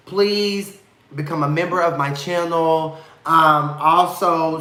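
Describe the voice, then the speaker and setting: A man chats on a live stream with a bright, forceful voice. His delivery is sassy and campy, full of slang and swearing, and he sounds affectionate toward his viewers. The sound is roomy and echoey. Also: a little high, steady tone, measured pace. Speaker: host of a live reality TV review stream. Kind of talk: casual live-stream chat.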